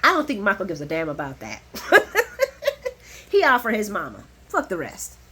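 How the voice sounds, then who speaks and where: A woman giving a casual, animated recap of a soap opera, chatty and blunt, laughing often and swearing freely. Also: mid-range voice, fast, slightly rough.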